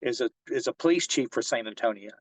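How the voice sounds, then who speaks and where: A man's voice: mid-range voice, animated, fast talker, no echo, rough recording. A man working as a fishing guide, telling a long story in a casual interview and rambling with many restarts and fillers.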